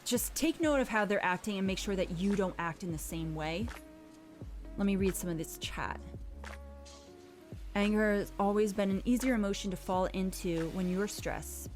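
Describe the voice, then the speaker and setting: A woman, a parent, hosting a casual livestream chat, giving earnest, gentle advice and reading viewers' messages aloud. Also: lowish voice, normal speed, soft background music. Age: adult parent. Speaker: livestream host.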